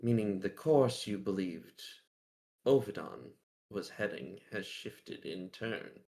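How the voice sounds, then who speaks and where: A man voicing a sly, mysterious male keeper who speaks in a slow, breathy, riddling way. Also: on the low side, lively intonation, darkish tone, exaggerated voice. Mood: cryptic.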